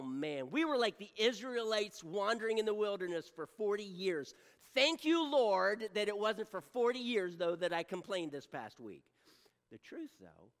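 A pastor delivers a sermon in a highly expressive, sweeping voice, rising to loud exhortation and dropping to a near-whisper. The preacher keeps checking in with the congregation with quick rhetorical asides. A long, lingering reverb of a large church hall trails every phrase. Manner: direct address to congregation, repeated rhetorical checks.

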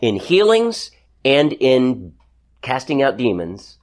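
A man's voice: mid-range voice, huge pitch swings, slow pace. A man teaching an interactive Bible study to a small group in a church classroom. He talks conversationally, often restarts his sentences and asks the class questions.

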